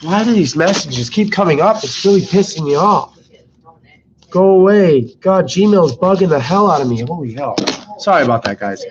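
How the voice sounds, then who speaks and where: A young man, sick, telling rambling, exasperated stories about his fast-food job on a live stream, swearing constantly. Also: a little high, expressive. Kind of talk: casual live-stream storytelling. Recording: slightly dull lo-fi mic with faint noise.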